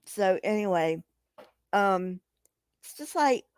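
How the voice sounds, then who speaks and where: A woman hosting a livestream speaks slowly and deliberately, in a dry, close-miked sound with no room echo. She talks straight to her chat, emphatic and profane, with a heated, agitated edge. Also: mid-range voice, animated, smooth. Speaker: livestream host reading chat. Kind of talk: casual livestream commentary.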